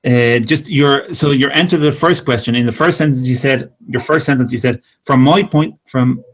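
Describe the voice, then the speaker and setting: A man teaching English online, giving patient, encouraging feedback to students and repeating corrections slowly. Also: mid-range voice. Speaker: English speaking teacher, former exam examiner. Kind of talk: live-streamed speaking feedback. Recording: dull lo-fi stream audio.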